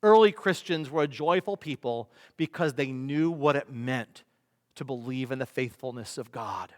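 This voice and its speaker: A man, a pastor, preaching a sermon with emphatic delivery, rhetorical questions and swings between loud and soft. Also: medium pitch, moderate pace. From United States. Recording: long reverb of a large hall.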